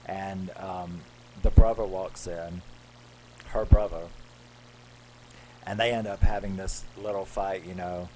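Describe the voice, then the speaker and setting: A man's voice: deep voice, steady tone, slow, pauses often, warm tone, a little hiss or hum, low-quality recording. A man casually retelling a horror film's plot in a rambling way, acting out the characters' lines. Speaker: horror film reviewer. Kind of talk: casual movie recap.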